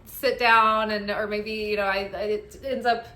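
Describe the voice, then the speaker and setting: A woman's voice: medium pitch, fairly even intonation, measured pace, bright, forceful tone, roomy sound. A woman giving casual spiritual guidance as an oracle card reader, chatty and upbeat, often tagging "right?" onto her thoughts.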